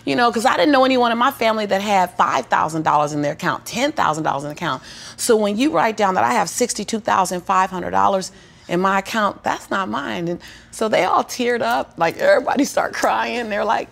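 A middle-aged woman and motivational speaker telling a personal story in an interview, lively and acting out the people in it, then preaching with repeated phrases. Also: medium pitch, creaky. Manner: animated, acts out the people in her story.

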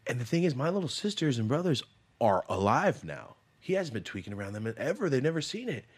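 Husky-voiced man in his thirties, swearing. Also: medium pitch, very animated, brisk. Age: 30s. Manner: profane, blunt, emotional storytelling. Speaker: podcast host. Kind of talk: casual storytelling chat.

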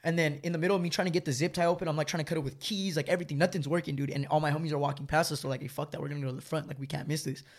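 A man's voice: a little high, steady tone, racing, few pauses. A young man, telling a long story in slangy, rambling casual chat and laughing often. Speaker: storyteller guest.

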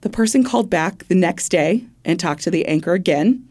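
Lower-voiced woman telling a true-crime story. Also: expressive, normal speed, darkish tone, slightly rough. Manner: conversational, laughs often, swears casually. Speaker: podcast co-host telling a case.

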